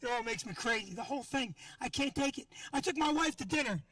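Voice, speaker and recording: A man doing a stand-up comedy set outdoors, loud and ranting, shouting his punchlines. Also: extremely high pitch, animated, fast, distant mic, rough recording. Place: outdoor parking lot show.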